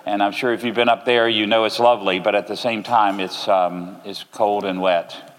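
A man from Florida with an American accent, preaching a sermon as a guest speaker in a relaxed, joking, deliberate way. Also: fairly low pitch. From Orlando, Florida. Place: church. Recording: reverberant church hall.

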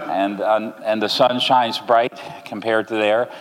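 A man from Florida with an American accent, preaching a sermon as a guest speaker in a relaxed, joking, deliberate way. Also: lowish voice. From Orlando, Florida. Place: church. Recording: reverberant church hall.

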